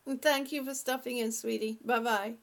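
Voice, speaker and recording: A woman's voice: a little high, fairly even intonation, normal speed, gravelly. A woman hosting a casual live stream, chatting and laughing often as she greets viewers by name. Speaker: livestream host.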